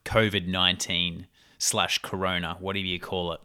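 A man's voice: deep voice, flat delivery, normal speed, pushed and bright, clean tone. A young man hosting his own podcast, talking casually in a rambling, chatty way and often laughing. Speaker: podcast host. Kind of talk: casual solo podcast talk.

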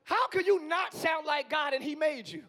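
A hoarse man in his forties preaching a live sermon as pastor, swinging from quiet musing to yelling. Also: extremely high pitch, moderate pace. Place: church sanctuary.

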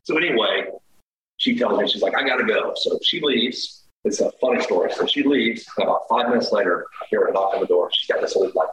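A man's voice: lowish voice, fairly quick. A man telling a personal story in casual talk, acting out what people said. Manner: animated, acts out quotes. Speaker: guest storyteller. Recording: echoey room with faint noise.

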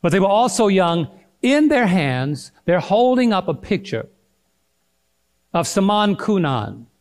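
A middle-aged male pastor preaching a sermon, swinging between loud and hushed delivery and calling out to the congregation. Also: high-pitched, big pitch swings, unhurried.

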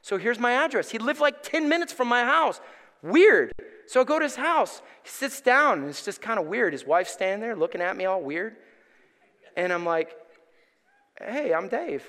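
A middle-aged male pastor preaching in a church, his voice high and bright as it swings up and down through a lively story. Long reverb from the hall trails each phrase. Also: moderate pace. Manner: animated, acts out voices in his stories. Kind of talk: storytelling sermon. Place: church sanctuary.

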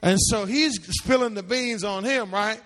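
Man, high voice, bright forceful tone, preaching style, sing-song, long hall reverb. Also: unhurried. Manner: animated, calls out to the audience, sing-song rises into shouts. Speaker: pastor teaching a seminary class. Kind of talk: preaching-style Bible teaching.

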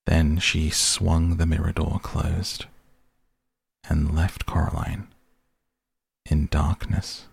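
Male audiobook narrator, low and gravelly, unhurried grave delivery. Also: flat delivery, no echo. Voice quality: deep, gravelly, husky voice. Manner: slow, grave, measured reading.

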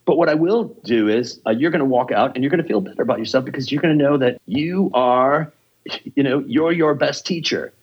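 A man's voice: medium pitch, fairly quick, husky, highs cut off. A man who teaches improv, telling stories in a casual interview, passionate and full of swearing. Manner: profane, passionate storytelling.

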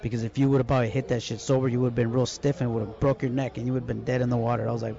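A man's voice: medium pitch, flat delivery, very fast, creaky, mellow. A man telling rambling, profane stories in a casual chat, with Spanish slang mixed in. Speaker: podcast co-host telling a story. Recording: muffled lo-fi sound.

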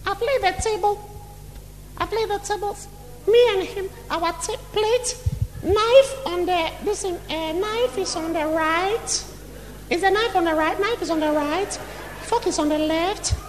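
A man's voice: very high voice, measured pace, pitched above the performer's own voice. A man voicing a doting married woman, rambling fussily about laying the table and her husband. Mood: gushing. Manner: rambling, fussy and giggly. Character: doting married woman, chatty and house-proud. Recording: long hall reverb, faint room noise.

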